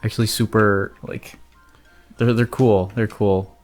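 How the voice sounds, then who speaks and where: A man with a fairly low voice, chatting while playing a game. He rambles, trips over his words and starts sentences again. Faint music plays under his talk. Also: fairly even intonation, a little slow, darkish tone. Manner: rambling, hesitant, full of restarts. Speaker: co-host. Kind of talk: casual gaming chat.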